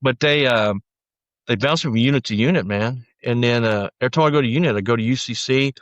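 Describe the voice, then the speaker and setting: A man's voice: mid-range voice, fairly quick, dry recording, muffled recording. A man as a podcast guest, telling his story bluntly in a rambling, casual way with lots of fillers. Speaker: podcast guest, former sheriff's deputy.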